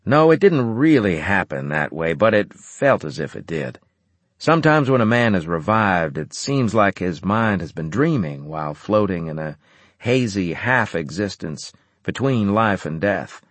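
A man narrating a first-person story in an expressive, storytelling way. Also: fairly low pitch, no room sound. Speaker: audiobook narrator.

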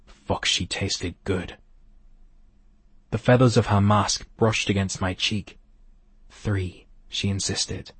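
A low, husky male voice, reading first-person romance fiction in an intimate, measured manner. The recording is close and completely dry, with no room sound. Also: dry recording. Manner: intimate, measured, slowing on key phrases. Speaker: audiobook narrator.

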